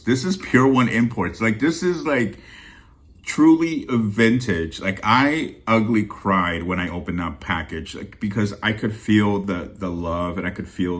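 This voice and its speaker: A deep-voiced man hosts a bargain-haul channel in a loose, casual vlog chat. He is teary-eyed and sincere, rambling and restarting his sentences as he talks straight to his viewers. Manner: heartfelt and rambling, with many restarts. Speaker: deal-hunting channel host.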